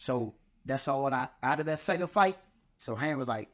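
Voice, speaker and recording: This former boxer, appearing as a podcast guest, tells stories in a casual way, rambling and repeating words as his thoughts get going. His voice sits at medium pitch and moves a little fast. The lo-fi podcast audio sounds slightly dull.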